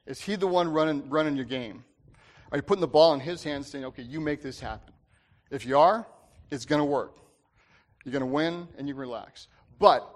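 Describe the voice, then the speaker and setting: A man preaching a casual sermon, talking to the congregation conversationally, often checking in with "right?" and restarting his sentences. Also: a little high. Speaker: pastor.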